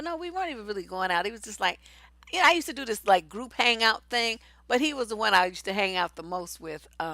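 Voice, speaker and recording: A middle-aged woman, a relationship coach telling a personal story and giving advice in a blunt, profane, animated way. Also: mid-range voice, no room sound.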